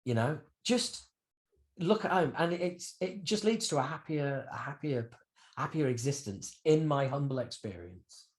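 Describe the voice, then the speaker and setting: A man in his fifties, a guest musician telling stories animatedly in a candid interview, swearing freely. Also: unhurried. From United Kingdom. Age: 50s. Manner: animated storyteller with swings in pitch and loudness, swears freely.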